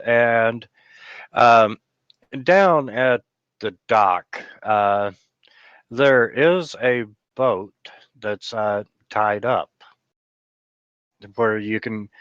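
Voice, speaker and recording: A man's voice: on the low side, a bit bright, clean tone, no room sound, dull audio. A man narrating as game master, hesitant and full of filler sounds. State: hiccups.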